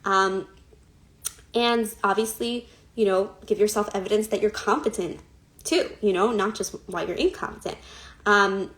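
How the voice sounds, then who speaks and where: A woman's voice: mid-range voice, a little slow, a bit bright. Woman coach chatting on a phone live, lots of ums and likes, easygoing. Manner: chatty, many fillers and laughs. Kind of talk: Instagram live talk.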